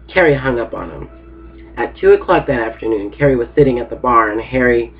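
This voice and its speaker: A man casually reading a book chapter aloud, laid-back and sleepy, just woken up. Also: mid-range voice. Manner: laid-back, reads with informal asides. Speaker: book reader. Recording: tinny phone-like recording.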